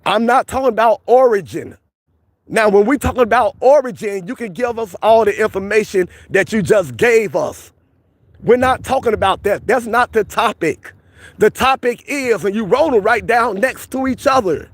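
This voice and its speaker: A man's voice: high voice, normal speed, no echo. A man, livestreaming outdoors and arguing insistently with his viewers, repeating his points. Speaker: livestream host. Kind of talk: street livestream arguing with chat. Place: outdoors by a police station.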